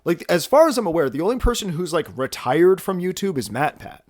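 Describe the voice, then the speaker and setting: A young man in his twenties, vlogging at home, speaks briskly in a high, slightly mellow voice with large pitch swings. He rambles, makes fun of himself, and restarts often amid many fillers, a little out of breath. The sound is dry and clean, studio grade.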